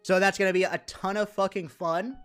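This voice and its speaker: A man's voice: sits high, brisk, clean tone. Man streamer chatting over faint music. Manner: relaxed, thanks subscribers. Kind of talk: casual stream chat.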